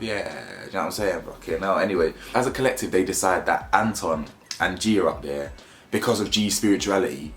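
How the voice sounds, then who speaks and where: A man with a somewhat low voice rattles off a quick, blunt, slangy reality-show review. His manner is mocking and opinionated. The room behind him is bare and echoey. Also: fairly bright tone, a little hiss or hum. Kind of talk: casual opinionated commentary.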